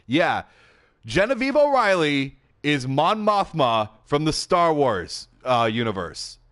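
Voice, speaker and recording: A man hosting a casual game commentary video from his home setup, talking into a headset mic in a chatty, excitable way, often laughing and filling pauses. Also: on the high side. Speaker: gaming YouTube host. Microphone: gaming headset.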